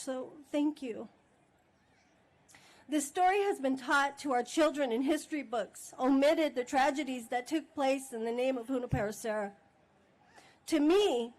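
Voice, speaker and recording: High-voiced woman giving an emotional ceremony speech. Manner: emotional, candid, breaks off script with laughing asides. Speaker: tribal chairwoman giving a speech. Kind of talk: ceremonial speech, partly read, partly off the cuff. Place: outdoor monument ceremony in a park.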